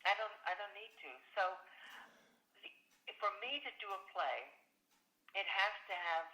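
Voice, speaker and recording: An older woman, an actress, telling stories from her career in an animated, exclamatory way during an interview. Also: medium pitch, a little slow, echoey room, poor audio. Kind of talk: casual storytelling interview.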